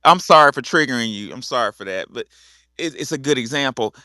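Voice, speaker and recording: A middle-aged man hosting a talk show, telling stories in a lively way, cussing freely and acting out the people he quotes. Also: medium pitch, brisk, no echo, clean studio sound. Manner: animated storytelling with acted-out quotes; cusses freely. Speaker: host. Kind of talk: casual talk show monologue.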